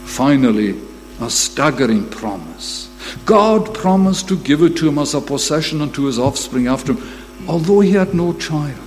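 A man delivering a sermon with a slightly high, animated voice that climbs and drops as he presses each point. He grows emphatic when he quotes scripture. His words ring out in a long reverberant hall over a faint hum. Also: moderate pace, faint music behind. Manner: emphatic, rising to bursts when quoting scripture. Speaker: preacher.

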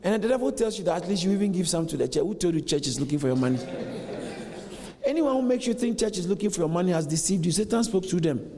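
A man preaches with lively swings of pitch in a slightly raised voice. He acts out the scripture voices as he goes. His words ring with the long reverb of a church hall. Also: fast talker, crowd noise. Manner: animated preaching, acts out dialogue. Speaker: pastor. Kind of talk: sermon.

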